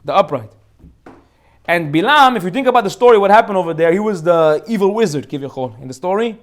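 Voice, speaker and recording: Fast, high-voiced rabbi telling stories. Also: male voice. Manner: animated and joking, acts out characters. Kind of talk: informal Torah class with storytelling.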